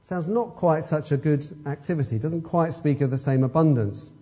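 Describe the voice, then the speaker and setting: A man's voice: on the high side, moderate pace, dark tone, husky. A man preaching an expository sermon, emphatic and fond of rhetorical questions.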